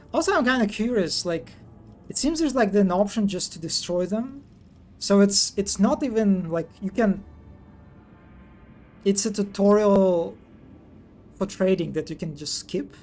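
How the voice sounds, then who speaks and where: A man's voice: sits high, lively intonation, measured pace, pauses often, darkish tone. A man streaming a story game live, chatting casually and hesitantly as he thinks aloud about his choices. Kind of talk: live game playthrough, reading dialogue aloud.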